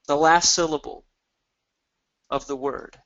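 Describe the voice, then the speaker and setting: A man giving an energetic sales pitch in a webinar, with emphatic rises in pitch. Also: measured pace, highs cut off. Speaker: webinar presenter.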